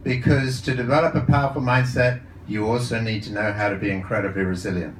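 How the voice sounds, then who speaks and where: A man's voice: lowish voice, fairly even intonation, quick pace, roomy sound, recorded from a distance, slight background noise, low-quality recording. A man speaking as a psychologist and coach to a live audience, telling stories in a chatty way with frequent restarts. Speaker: psychologist and coach giving a talk. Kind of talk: live talk to an audience with anecdotes. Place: event room with a live audience. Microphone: handheld or lapel mic.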